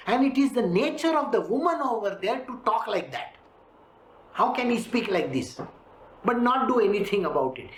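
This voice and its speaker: A spiritual teacher giving an emphatic scripture lecture, full of rhetorical questions and lively storytelling. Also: mid-range voice. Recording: roomy echo, faint background hiss.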